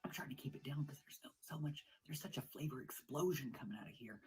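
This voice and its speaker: At home, a woman performs a comedic monologue with over-the-top excitement, swinging from hushed whispers to loud exclamations. Her voice is husky and rumbling low, she talks fast, and the recording quality is poor.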